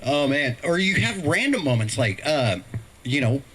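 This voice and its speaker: A man's voice: a little high, normal speed, poor audio. A middle-aged man telling stand-up stories about his kids on a live stream, acting out voices as he goes. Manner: animated storytelling, acts out voices. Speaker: stand-up comedian.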